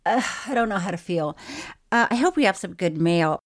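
A woman's voice: on the low side, animated, fairly quick, slight background noise. A woman co-hosting a chatty podcast, laughing often and reading listener mail aloud with quirky emphasis on odd words. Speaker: podcast co-host. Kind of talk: casual podcast chat.

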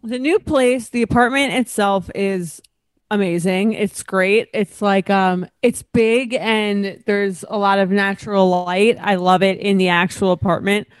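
A woman's voice: medium pitch, fairly even intonation, a little slow, smooth, no room sound. A woman with new braces gives her speech a slight lisp as she chats on a podcast, loose and full of fillers. Her voice sits in a middle range and sounds dry and close, with no room around it. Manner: chatty, frequent fillers. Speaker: podcast co-host. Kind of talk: casual chat. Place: her apartment, recorded over a video call.

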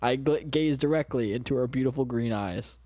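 A man's voice: mid-range voice, normal speed, warm tone. Man reading a story aloud, joking between lines. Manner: joking, interrupting with quips and laughs. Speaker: podcast co-host. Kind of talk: comedic reading of a story with commentary.

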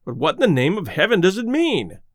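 A man reading aloud, voicing an angry, rough-haired male lawyer who speaks sharply and indignantly. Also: sits high, wildly swooping pitch, fairly quick, dry recording, studio quality, full character voice. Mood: agitated.

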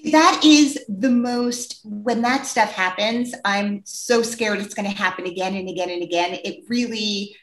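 A woman's voice: mid-range voice, a bit bright. Enthusiastic woman host in echoey room. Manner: enthusiastic, quick affirmations. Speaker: interview host. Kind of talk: casual interview chat.

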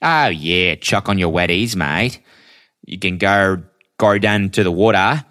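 Laid-back Aussie bloke in a hammy mock accent, as a man puts him on, slow and slangy. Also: low voice, a bit bright. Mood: jokey. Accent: mock Australian. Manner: drawling, slangy, calls everyone mate.

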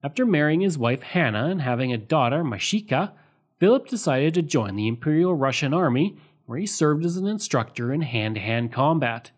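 Man narrating history in measured tones. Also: a little high, animated. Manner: measured, reads sources aloud marked with quote and end quote. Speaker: history podcast host.

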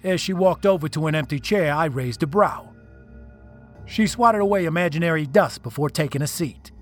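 A man narrates a tense first-person tale in a somewhat high voice, reading with dramatic feeling. Soft music plays faintly beneath him. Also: lively intonation, moderate pace.

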